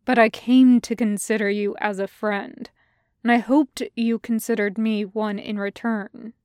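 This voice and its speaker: A woman reading the lines of a calm, earnest prince in a fan audiobook, firm and sincere. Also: a little high, measured pace, clear, resonant tone, no echo, studio quality, natural voice.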